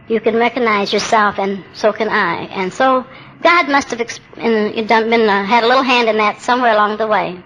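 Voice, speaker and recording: A woman in her seventies tells her recovery story at a meeting as personal testimony, plainspoken and candid with a wry sense of humor. Her voice is a little high and fairly bright. The rough recording carries slight background noise.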